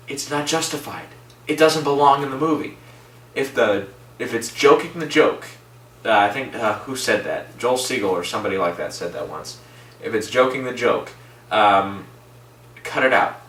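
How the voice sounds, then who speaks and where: A man's voice: medium pitch, normal speed, a bit bright, a little hiss or hum. A man giving a casual, rambling spoken movie review, opinionated and chuckling at himself now and then. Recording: echoey room, mic at a distance.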